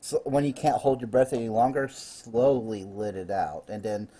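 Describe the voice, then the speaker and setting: Mellow, husky-voiced man running a game. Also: fairly low pitch, normal speed. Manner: chatty, explains rules with fillers and laughs. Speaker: dungeon master. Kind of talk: running a live online tabletop game.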